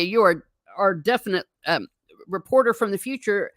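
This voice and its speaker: A woman's voice: mid-range voice, expressive, moderate pace, a bit bright, no echo, clean studio sound. A woman hosting a live stream, chatting casually and reading viewer comments aloud with frequent laughs. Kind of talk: casual chat. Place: home.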